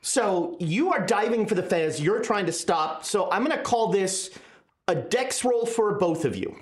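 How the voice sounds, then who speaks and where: A woman narrating a tabletop horror game as game master, talking in quick asides. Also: mid-range voice, animated. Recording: echoey room.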